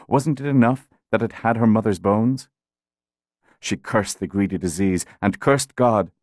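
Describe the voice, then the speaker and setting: Low-voiced man narrating an audiobook. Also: a little slow, a little mellow, no echo, studio quality.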